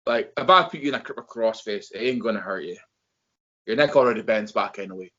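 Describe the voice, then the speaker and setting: A man's voice: on the low side, fast. A man hosting a casual wrestling chat, rambling and swearing as he talks. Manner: profane, rambling, animated. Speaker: wrestling podcast host. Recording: dull lo-fi sound.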